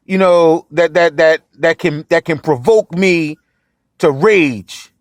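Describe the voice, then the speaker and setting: Man, podcast host, higher-pitched voice, dry close sound, emphatic, outraged, repeats phrases. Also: slow, no echo. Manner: outraged, voice rising and pressing. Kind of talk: impassioned solo commentary.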